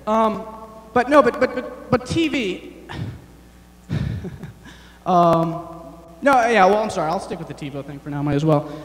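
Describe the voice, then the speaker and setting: A young man performing a rambling, self-deprecating stand-up set, halting often with fillers. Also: sits high, expressive, reverberant, long reverb tail. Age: young adult. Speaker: stand-up comedian. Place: large chapel hall on stage.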